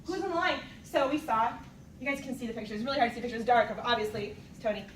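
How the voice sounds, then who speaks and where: A woman's voice: on the high side, steady tone, very fast. A woman in her thirties giving an enthusiastic, casual talk as a fitness coach to a live group, laughing often. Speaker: fitness coach speaking at a team meeting. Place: meeting room with an audience. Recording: echoey room, distant mic, noisy.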